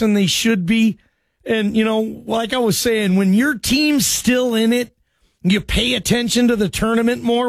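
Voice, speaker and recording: A man hosting a call-in sports radio show, talking in loose, excitable, joking banter. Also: very high voice, dry recording.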